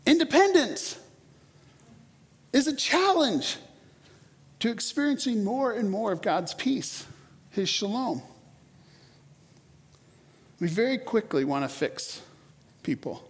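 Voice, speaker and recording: A man in his forties preaching a sermon in a church, conversational and animated, often repeating words as he starts a sentence. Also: sits high, unhurried, pauses often, slightly rough. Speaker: pastor. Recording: long hall reverb.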